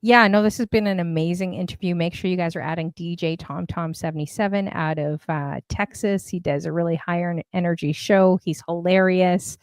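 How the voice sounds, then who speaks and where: A woman's voice: on the low side, steady tone, brisk, few pauses, smooth, no echo. Chatty woman host. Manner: chatty, scattered, giggly. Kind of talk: casual live-stream interview.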